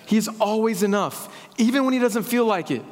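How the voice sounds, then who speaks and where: A man preaching a sermon as a pastor, with lively asides and jokes. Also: sits high, fairly quick. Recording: long hall reverb.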